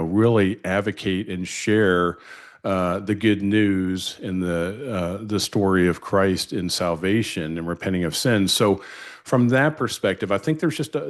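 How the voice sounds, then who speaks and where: An earnest man hosts a relaxed podcast conversation about faith. His voice sits fairly low, and he reels off quoted verses quickly. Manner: earnest, quotes scripture at a brisk read. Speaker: podcast host. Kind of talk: casual conversation.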